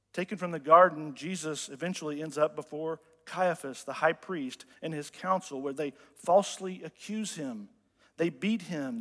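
A man preaching a sermon in a church, retelling scripture with dramatic, earnest storytelling that drops softly in volume. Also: sits high. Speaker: pastor. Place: church sanctuary. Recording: long hall reverb with faint music. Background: faint music.

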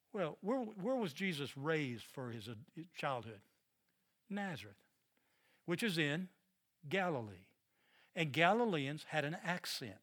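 A man's voice: fairly high pitch, sing-song, measured pace, long pauses, fairly bright tone. A middle-aged man with a Southern American accent, teaching a Bible study lesson in an earnest, emphatic way and often repeating words.

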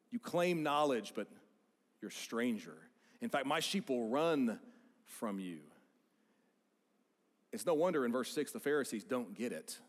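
An American man preaching a sermon as a pastor, in an animated, conversational way. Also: medium pitch, big-room sound. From United States.

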